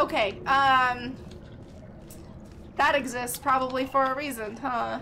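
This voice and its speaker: High, bright-voiced woman streamer. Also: expressive, takes it slowly, slight background noise. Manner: chatty, thinks aloud, greets chat loudly. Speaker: game streamer. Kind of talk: live gameplay chat with viewers.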